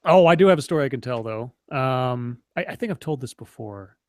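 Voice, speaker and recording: A man's voice: medium pitch, expressive, brisk, a little mellow, dry recording. A man co-hosting a casual online chat, telling long stories with many fillers and restarts. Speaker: podcast co-host.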